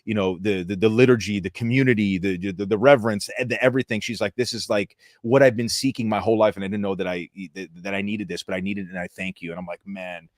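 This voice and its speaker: Earnest low-voiced man, chatty. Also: steady tone, quick pace, few pauses, no echo, clean studio sound. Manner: enthusiastic and earnest, says dude often. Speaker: podcast co-host. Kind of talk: casual podcast chat.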